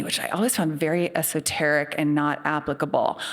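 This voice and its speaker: A woman's voice: low voice, normal speed, few pauses. A middle-aged woman, a psychiatrist, telling a personal story live on stage in a candid, self-deprecating, conversational way. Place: theater stage before a live audience.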